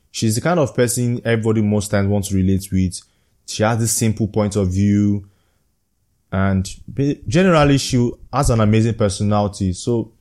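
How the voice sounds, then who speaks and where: A man's voice: fairly low pitch, a little mellow. A young man earnestly telling a personal story from a leadership program, reflective and often chuckling.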